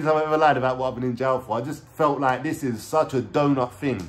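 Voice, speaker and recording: A man's voice: mid-range voice, fast talker, few pauses. London man in his own voice, street slang, swears freely, casual storyteller. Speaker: vlogger.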